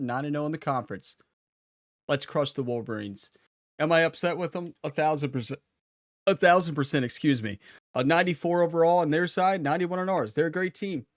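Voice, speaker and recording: A slightly high-voiced man talks over his video game from a home setup, hyping himself up with playful trash talk. His voice is dry and close, with no room sound behind it. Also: dry recording. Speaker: gaming YouTuber. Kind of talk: casual gameplay commentary.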